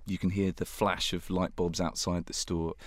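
Deep-voiced man telling a story, dry. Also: normal speed, no room sound. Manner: animated, self-mocking, laughs through the telling. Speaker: interview guest. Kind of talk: anecdotal storytelling.

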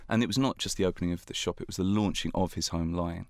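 A man as an interview guest, telling a story in an animated, self-mocking way and laughing as he goes. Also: deep voice, fast talker, vocal fry, dry recording, clean studio sound. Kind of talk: anecdotal storytelling.

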